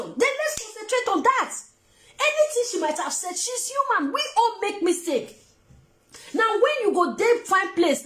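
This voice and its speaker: Emphatic Nigerian woman, high and lively. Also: roomy sound. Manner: emphatic, rhetorical questions. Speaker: commentator. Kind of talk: passionate commentary in Pidgin.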